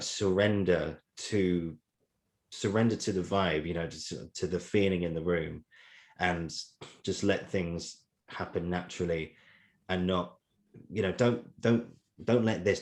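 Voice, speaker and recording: A man's voice: low-pitched, fairly even intonation, normal speed, a little mellow. A man hosting a podcast interview, rambling casually with lots of fillers and laughing between points. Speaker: podcast host.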